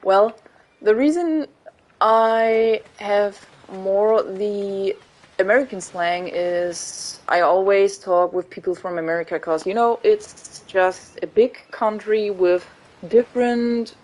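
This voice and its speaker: A woman's voice: medium pitch, takes it slowly, low-quality recording. A woman with a German accent chatting casually while streaming a game, rambling and laughing often. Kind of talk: casual chat while gaming.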